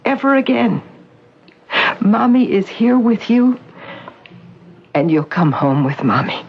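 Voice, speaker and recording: An actress playing a scheming woman who poses as a gentle mother, speaking in a soft, coaxing, soothing way, in 1970s radio drama acting. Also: on the high side, sing-song, takes it slowly, full character voice. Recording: dull old radio recording, faint hiss.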